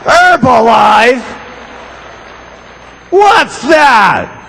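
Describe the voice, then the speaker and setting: A man acting out a grumpy, beer-drinking husband who yells scornfully. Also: sits high, sing-song, a little slow, vocal fry, big-room sound, a little hiss or hum, full character voice. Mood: scornful, yelling. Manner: shouting, scornful.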